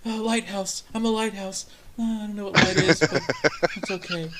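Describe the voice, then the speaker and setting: A man's voice: high voice, fairly even intonation, moderate pace, a loud crowd, pitched above the performer's own voice, lightly acted. A man voicing a nervous, eager grown man who works up the nerve to ask a panel questions, timid and then bursting out proudly. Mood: proud singsong. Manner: timid, then bursting out loud and self-congratulating.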